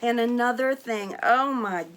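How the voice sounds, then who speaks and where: A woman vlogger chatting casually while unboxing gifts, gushing and excitable, exclaiming and laughing often. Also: fairly high pitch, a little slow, slight background noise. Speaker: vlogger opening mail.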